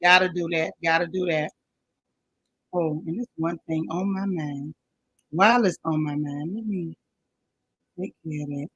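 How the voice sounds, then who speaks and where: A woman's voice: deep voice, a little slow, pauses often, a bit bright, muffled recording, a little hiss or hum. A woman hosting a casual live stream, chatting with viewers and greeting each one by name in folksy slang.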